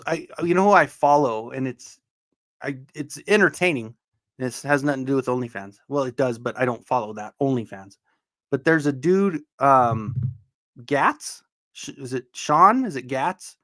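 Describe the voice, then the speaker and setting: A man hosting a casual livestream, loudly joking and greeting viewers in the chat by name. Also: medium pitch, no echo, clean studio sound. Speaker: livestream host.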